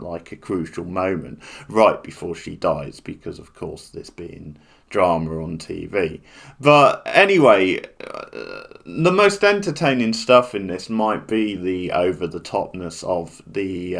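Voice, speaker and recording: A man's voice: deep voice, gravelly, fairly bright tone. A man giving a casual, rambling spoken review of a TV drama, full of restarts and fillers.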